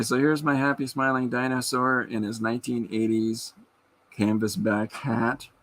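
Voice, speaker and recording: Husky-voiced man chatting while drawing. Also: medium pitch, low-quality recording. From Canada. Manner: rambling, chatty storyteller. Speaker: podcast host and artist. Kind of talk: casual chat while drawing.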